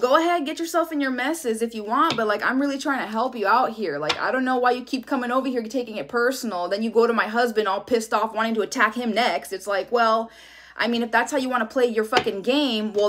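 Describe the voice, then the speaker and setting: A woman's voice: fairly high pitch, fairly bright tone, slight background noise. A woman giving a casual tarot reading, talking bluntly with lots of swearing and a sassy edge. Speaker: tarot reader.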